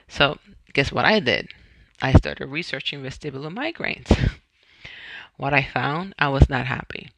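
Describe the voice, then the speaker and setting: A man's voice: mid-range voice, unhurried, vocal fry, pauses often, sharp tone, no room sound. A man from Puerto Rico, a podcast host, retelling his own health story in a conversational way and often correcting himself.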